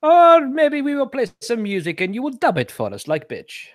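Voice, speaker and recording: A man's voice: extremely high pitch, wildly swooping pitch, normal speed, dry recording, clean studio sound, voice pushed up, full character voice. A man voicing a menacing German officer from an old war film in a mock accent over a video call. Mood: mock menace. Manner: villainous mock-German threats, giggling through them.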